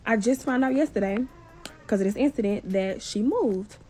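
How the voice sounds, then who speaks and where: High-voiced woman telling a wild story. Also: normal speed, faint music behind. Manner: animated, profane, acts out dialogue. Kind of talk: casual storytime.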